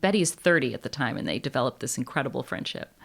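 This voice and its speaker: A woman's voice: extremely low pitch, very animated, fast, vocal fry. A woman co-hosting a book podcast in casual chat, thoughtful and reflective. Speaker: podcast co-host.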